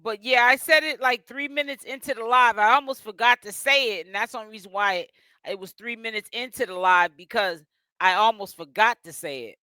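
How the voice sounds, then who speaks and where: A man's voice: extremely high pitch, fairly quick, bright, forceful tone, clear, resonant tone, dry recording. Man from Boston hosting a live stream. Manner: chatty, addresses chat and guests directly. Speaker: livestream host. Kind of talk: casual livestream chat.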